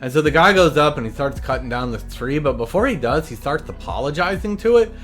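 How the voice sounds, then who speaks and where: A man hosting a comedic episode recap, telling it in a deadpan, meandering way full of side stories. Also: a little high, brisk, soft background music. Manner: deadpan, meandering storytelling with asides.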